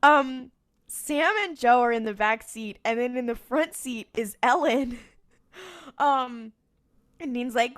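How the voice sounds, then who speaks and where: A woman's voice: fairly high pitch, takes it slowly, a bit bright. Chatty woman recapping a TV episode. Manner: chatty storyteller who acts out lines. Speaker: podcast co-host.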